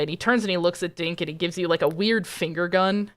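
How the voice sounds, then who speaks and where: A woman narrating and running a tabletop role-playing game as game master, briskly directing players. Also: fairly low pitch.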